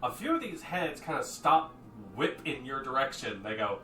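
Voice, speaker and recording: A man narrating as game master of a tabletop game, lively and quick to jump into shouting voices for the figures. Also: mid-range voice. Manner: animated, jumps into shouted character voices. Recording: echoey room from far off, faint noise.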